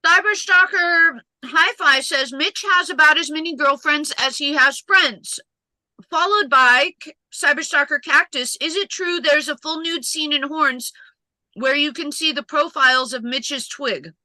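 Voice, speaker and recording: A woman co-hosting a live stream, briskly reading teasing chat messages aloud. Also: sits high, sharp tone, no echo, poor audio.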